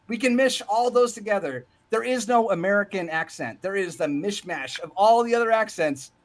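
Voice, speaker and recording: High-pitched man from Southern California, fast and rambling in casual chat. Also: lively intonation, rough recording. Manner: fast, rambling, talks over others. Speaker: member of a group chat.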